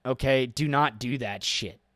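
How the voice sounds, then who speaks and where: A young man chats on a podcast, telling stories full of swearing. His pitch is middling, and he acts out what people said with sudden loud jumps. The sound is dry and close. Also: measured pace, dry recording. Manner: profane, animated storytelling with loud acted-out quotes. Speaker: podcast co-host. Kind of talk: casual chat.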